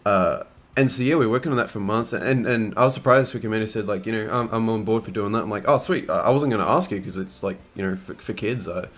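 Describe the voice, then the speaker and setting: A man's voice: lowish voice, fast talker, a bit bright. Crude, swearing young man. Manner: crude, swears a lot, laughs while telling stories. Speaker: YouTuber answering fan questions. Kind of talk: casual Q&A storytelling.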